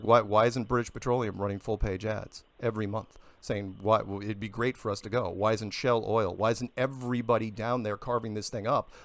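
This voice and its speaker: A man argues his case in a heated radio debate, insistent and interrupting, climbing into emphatic bursts. His voice sits at an ordinary middle pitch. The recording is dry and close, with no room around it. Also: no room sound. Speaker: flat earth guest.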